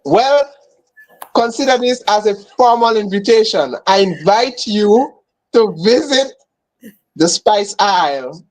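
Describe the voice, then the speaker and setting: A man's voice: high voice, lively intonation, slow, poor audio. Affirming Grenadian man hosting. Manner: friendly, warmly affirming, frequent fillers and repeats. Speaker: host. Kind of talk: casual live interview.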